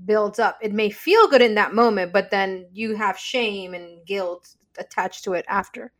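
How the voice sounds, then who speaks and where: A woman's voice: mid-range voice, measured pace, fairly bright tone. A woman talking casually and reflectively as a podcast co-host. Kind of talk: casual conversation.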